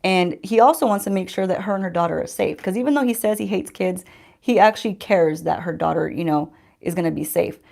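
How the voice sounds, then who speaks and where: Woman vlogger with a creaky voice, chatting loosely to her audience mid-makeup and throwing questions at them. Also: on the low side, a little fast, darkish tone. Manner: chatty, addresses viewers directly, rhetorical questions. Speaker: beauty vlogger. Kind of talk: casual storytime chat while doing makeup. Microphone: handheld-range mic while holding a mirror.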